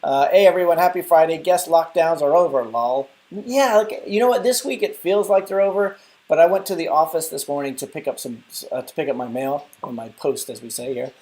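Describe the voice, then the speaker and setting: A man's voice: fairly high pitch, fairly quick, hardly any pauses, darkish tone. Young guy rambling on his live stream, chatty, replying to chat. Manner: chatty, rambling, answers viewer comments. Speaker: live stream host and app developer.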